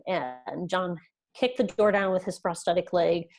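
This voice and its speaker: Woman, 30s, interview guest, earnest personal storyteller, slightly low-pitched. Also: a little slow, darkish tone. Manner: earnest, retells events with quoted dialogue. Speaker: podcast guest.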